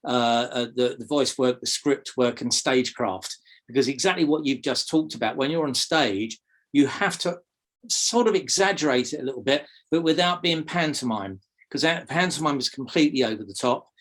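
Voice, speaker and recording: A man from South London with a softened English accent, speaking as an interview guest and teaching magic, often hesitating with fillers and repeated words. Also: mid-range voice, normal speed. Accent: English, softened toward RP. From South London, England. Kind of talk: conversational interview.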